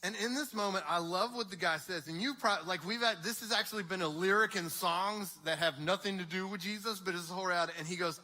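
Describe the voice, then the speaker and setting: Young man, youth pastor; animated sermon, high voice, slips into character voices. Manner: animated, acts out voices in quick dialogue.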